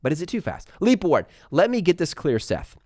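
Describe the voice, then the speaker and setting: Fast-talking man hosting a live Q&A. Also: fairly high pitch, wildly swooping pitch, a little mellow, no echo, studio quality. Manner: chatty, laughs often. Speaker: livestream host answering viewer questions. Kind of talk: live Q&A chat.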